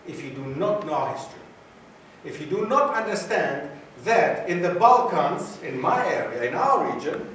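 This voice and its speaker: A man's voice: sits high, distant mic. Guy lecturing students, keeps asking the crowd stuff and repeating himself, faint hiss, recorded from the back. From Greece. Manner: quizzes the audience and repeats key phrases. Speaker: guest lecturer. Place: university lecture room. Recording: very echoey hall, taped from afar.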